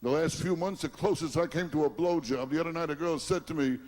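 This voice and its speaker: A man's voice: on the high side, quick pace, a little mellow. A man doing a stand-up comedy routine, firing off brash one-liners and chuckling at his own jokes.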